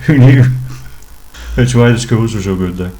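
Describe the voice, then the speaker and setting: A man's voice: lowish voice, moderate pace, mellow, soft background music, poor audio. A man co-hosting a podcast in casual chat, with dry, teasing humour. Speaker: podcast co-host.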